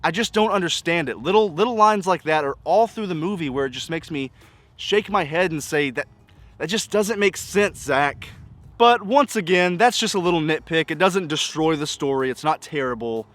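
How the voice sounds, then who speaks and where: Exasperated man with a higher voice. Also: lively intonation, fairly quick, a bit bright. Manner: exasperated, nitpicking, piles up rhetorical questions. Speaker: film reviewer. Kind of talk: casual spoken movie review.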